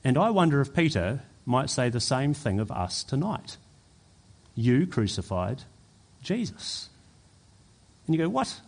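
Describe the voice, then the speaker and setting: A man preaching a sermon as pastor, emphatic and building to forceful peaks. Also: mid-range voice, big pitch swings, brisk, hardly any pauses.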